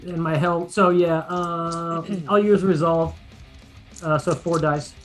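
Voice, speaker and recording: Halting player thinking aloud. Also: medium pitch, flat delivery, music in the background. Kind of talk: casual tabletop play chat.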